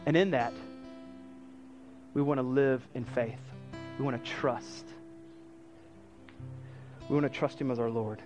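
A man preaching a sermon in an animated way, acting out the quoted lines of the story. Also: mid-range voice. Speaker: pastor.

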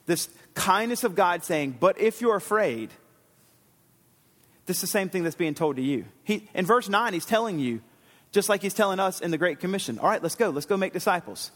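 A pastor preaching a sermon in a casual, rambling way, with fillers and self-corrections. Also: male voice, on the high side, fairly bright tone. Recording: long hall reverb.

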